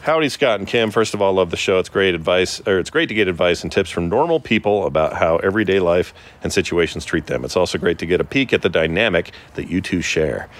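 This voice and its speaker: A man with a fairly low voice co-hosts a relaxed podcast. He jokes and rambles between reading listener emails aloud. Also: quick pace, few pauses. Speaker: podcast co-host. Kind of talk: casual chat.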